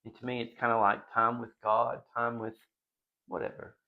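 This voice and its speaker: A man's voice: medium pitch, little pitch movement, normal speed, phone-quality sound. A middle-aged man hosting a casual home vlog from his dining room, chatty and rambling, often breaking into giggles. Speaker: vlog host.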